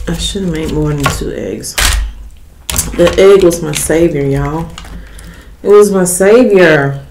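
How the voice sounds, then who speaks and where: A woman's voice: low voice, a little slow, a little mellow. A woman eating on camera and chatting casually to viewers. She hums and chews between remarks and calls her viewers "y'all". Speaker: mukbang eating vlogger. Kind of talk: casual eating-video chat. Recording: echoey room with faint noise.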